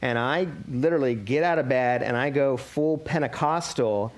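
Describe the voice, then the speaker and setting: A man's voice: medium pitch, normal speed, hardly any pauses, slight background noise. A man in his thirties preaching a sermon as a pastor, explaining scripture and posing rhetorical questions to his congregation.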